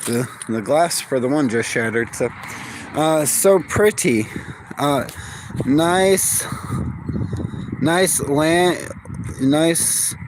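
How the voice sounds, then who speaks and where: Slow, rambling man outdoors. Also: fairly high pitch, background noise. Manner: rambling, chatty, talks to his dogs. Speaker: vlogger. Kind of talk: casual walk-and-talk vlog. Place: outdoors in a yard. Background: dogs barking.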